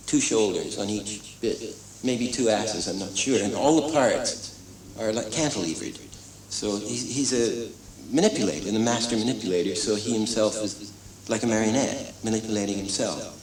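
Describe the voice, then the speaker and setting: An older man, an animator and director, telling stories in a documentary interview with lively acting-out of quotes and many restarts. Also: on the low side, normal speed. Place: animation studio. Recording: echoey room, distant mic, crowd noise.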